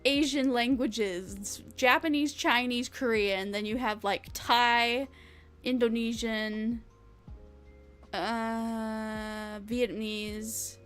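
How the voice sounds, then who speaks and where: A woman's voice: on the high side, fairly even intonation, takes it slowly, fairly bright tone, faint music behind. A young woman streamer chatting casually with her viewers, rambling, laughing often and swearing freely.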